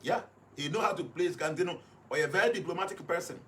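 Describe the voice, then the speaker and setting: A man's voice: high voice, fast, a bit bright. Ghanaian man explaining on live radio. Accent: Ghanaian English. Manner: explains points one by one, mixing English with Twi. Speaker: radio guest reading numerology.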